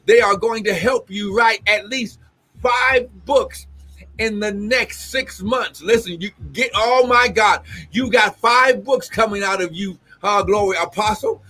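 A man with a high-pitched voice for his sex, ministering as a prophet over a live stream. He speaks fervently and repeatedly bursts into shouts and tongues. Exclamations of "glory" punctuate nearly every phrase. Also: unhurried.

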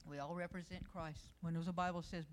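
A woman's voice: on the low side, steady tone, fairly quick, a little hiss or hum. A middle-aged woman preaching a sermon, telling personal stories and reading scripture with rising emphasis.

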